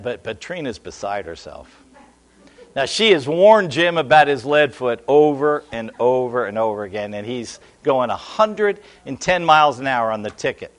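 A middle-aged man preaching a sermon, telling a lively story and asking the congregation questions in a church. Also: fairly high pitch. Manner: animated storytelling, talks to the congregation.

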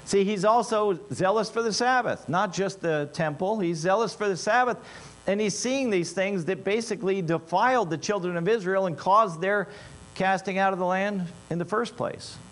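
A man delivering a sermon with a somewhat high-pitched voice, shifting between low, wry asides and loud, emphatic bursts. A faint mains hum sits under the recording. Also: normal speed. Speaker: preacher.

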